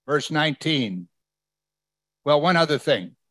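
Here a man with a fairly high, expressive, slightly bright voice preaches at an unhurried pace. As pastor, he reads scripture verse by verse, keeps the tone conversational, and asks the congregation questions; the recording is dry.

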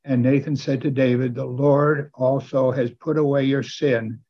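A man preaching a sermon in a church, animated and building to exclamations and calls for amens. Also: mid-range voice, unhurried, lo-fi sound.

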